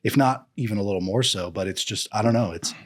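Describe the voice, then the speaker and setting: Low-voiced joking podcast guest, a man. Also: fast. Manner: joking, slips into comic voices. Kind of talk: casual podcast chat.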